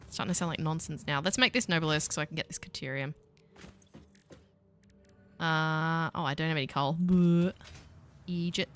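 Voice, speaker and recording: Bright-voiced Australian woman streaming a game. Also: deep voice, normal speed, pauses often, faint music behind. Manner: chatty, playful, talks to her chat as she plays. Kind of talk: casual live-stream chat while gaming.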